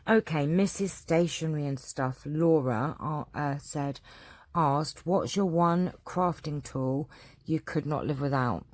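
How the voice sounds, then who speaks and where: A woman's voice: low voice, a little slow, a little mellow, no echo. An English woman hosting a craft channel, answering viewer questions in a chatty, rambling way with lots of fillers. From England. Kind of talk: casual Q&A chat.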